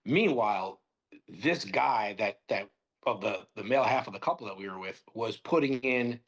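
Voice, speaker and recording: A man's voice: on the low side, lively intonation, normal speed, muffled recording. A young man as a podcast guest, telling a long story in casual chat, rambling with many fillers and restarts.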